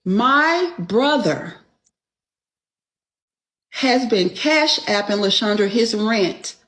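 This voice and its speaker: Slow-talking, blunt storytelling woman. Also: fairly high pitch, expressive, a bit bright. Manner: blunt, exasperated, swears freely. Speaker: podcast host. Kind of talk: casual storytelling chat.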